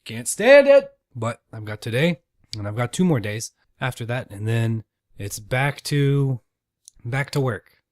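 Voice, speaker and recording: In a dry, clean studio recording, a man with a mid-range voice speaks at a measured pace. He hosts a casual solo podcast, rambling, swearing freely and tossing in self-deprecating asides.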